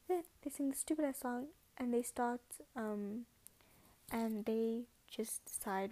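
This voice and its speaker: A woman's voice: fairly high pitch, steady tone, measured pace, dark tone, poor audio. A woman hosting a casual podcast, retelling a story in a rambling way, correcting herself often and acting out the quotes. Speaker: podcast host.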